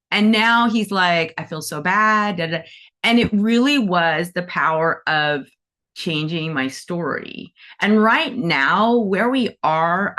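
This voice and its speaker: Chatty woman with a lowish voice. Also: fairly bright tone. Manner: chatty, storytelling, acts out voices in quotes. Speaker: animal Reiki teacher. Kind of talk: casual talk to students.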